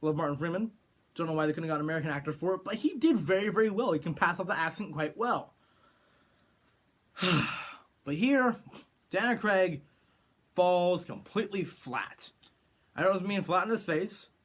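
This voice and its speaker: Man from california, high voice, sarcastic film-review rant, rambling, restarts a lot. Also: expressive, normal speed, pauses often. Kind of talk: opinionated movie review rant.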